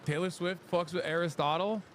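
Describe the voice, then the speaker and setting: A man hosting a casual livestream, reacting with sarcastic, deadpan asides. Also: sits high, fairly quick, slight background noise. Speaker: streamer host.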